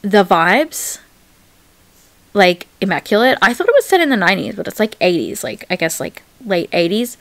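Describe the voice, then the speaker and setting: A woman's voice: mid-range voice, very animated, normal speed, gravelly, fairly bright tone, no room sound. A young woman chatting casually in a reading vlog, gushing about a book with lots of filler words. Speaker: book vlogger.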